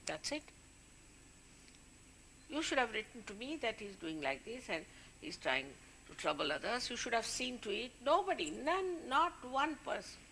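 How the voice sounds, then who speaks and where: A woman's voice: fairly high pitch, big pitch swings, moderate pace, gravelly, a bit bright, a little hiss or hum. A woman, a spiritual leader, giving an informal talk to her followers, warning and scolding them in a conversational way.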